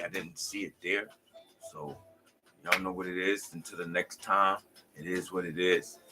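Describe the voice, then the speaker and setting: A man's voice: lowish voice, pushed and bright. A tired man hosting a late-night livestream, rambling loosely in slang and preaching about life. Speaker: livestream host.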